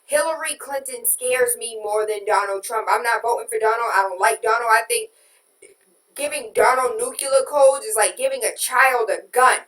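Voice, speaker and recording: A woman hosting a radio talk show, reading out listener comments and venting in an exasperated, emphatic way that swings from loud outrage to quiet disbelief. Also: fairly high pitch, normal speed. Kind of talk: casual political talk. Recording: roomy and distant from the mic.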